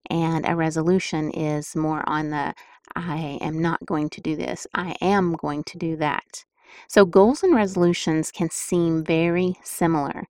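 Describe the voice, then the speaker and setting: A woman's voice: low-pitched, dry recording, clean studio sound. A middle-aged woman hosting a podcast, talking in a chatty, emphatic and upbeat way as she gives casual motivational advice. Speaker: podcast host.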